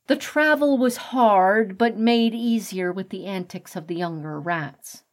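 A woman reading a children's animal story aloud in a calm, measured way. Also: medium pitch. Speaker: narrator. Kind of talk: audiobook narration.

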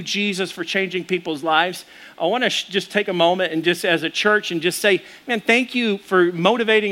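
A man's voice: sits high, sharp tone. A man in his thirties, a pastor preaching a sermon in a casual, storytelling way with asides to the congregation.

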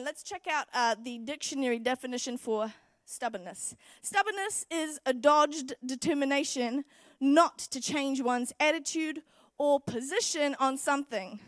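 A young woman with a high, bright voice delivers a sermon in a lively, conversational storytelling manner. The sound is close and dry, with no room echo. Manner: animated, chatty storytelling with laughs. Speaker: preacher. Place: church.

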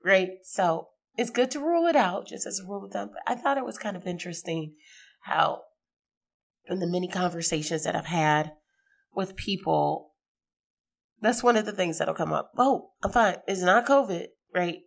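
A middle-aged woman hosting a podcast, hoarse from a sinus infection, talking in a chatty, rambling way and laughing easily. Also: lowish voice, moderate pace. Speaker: podcast host. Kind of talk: casual podcast monologue.

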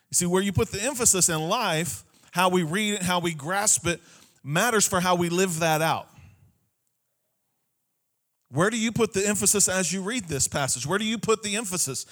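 A man's voice: high voice, moderate pace, fairly bright tone. A male pastor preaching a sermon, repeating key phrases and often checking in with "Amen?" to the congregation.

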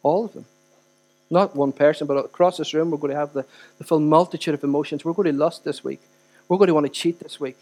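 A man preaching a sermon in a church, speaking in a conversational way with direct questions to the congregation, swinging between loud and hushed. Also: a little high, fairly even intonation, quick pace. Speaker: pastor.

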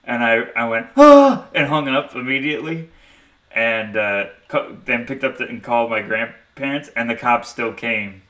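A man co-hosting a podcast in casual chat, reacting with laughs and telling unhurried stories. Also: mid-range voice, bright, forceful tone, recorded from a distance. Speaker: podcast co-host.

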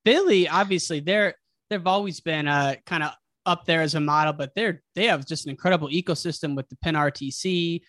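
A man's voice: a little high, fairly quick, a bit bright, no echo, clean studio sound. A male host chatting casually and enthusiastically, with a slangy way of talking. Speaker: podcast host. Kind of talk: casual interview chat.

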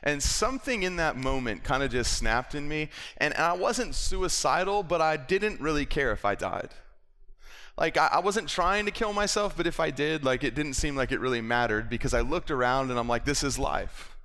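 A man preaching a personal testimony sermon, moving between hushed storytelling and fervent peaks. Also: on the high side, animated, normal speed. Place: church sanctuary. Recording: long hall reverb in a church.

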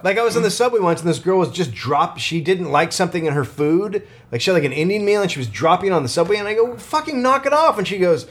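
A man co-hosting a podcast, telling rambling stories in casual chat, swearing a lot and breaking into animated quoted outbursts. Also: on the high side, fast, hardly any pauses. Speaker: podcast co-host.

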